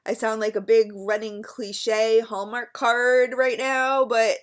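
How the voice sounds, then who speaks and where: A woman's voice: fairly high pitch, little pitch movement, takes it slowly. A middle-aged woman vlogging in a chatty, rambling way, gushing about a friend with many fillers. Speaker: beauty vlogger. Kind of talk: casual rambling vlog.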